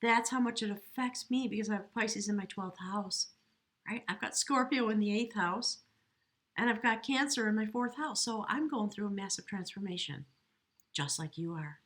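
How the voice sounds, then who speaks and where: A woman giving an earnest, emotional tarot reading at home, talking slowly and reflectively, at times choked up. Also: mid-range voice, fairly bright tone. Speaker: tarot reader. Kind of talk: spiritual tarot reading to camera. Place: home, near a window.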